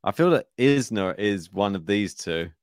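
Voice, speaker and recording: A man's voice: lowish voice, lively intonation, normal speed, clear, resonant tone, no echo, clean studio sound. A man co-hosting a tennis podcast, chatting casually through his bracket picks, laughing often and thinking aloud. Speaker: podcast co-host. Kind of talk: casual tennis draw chat.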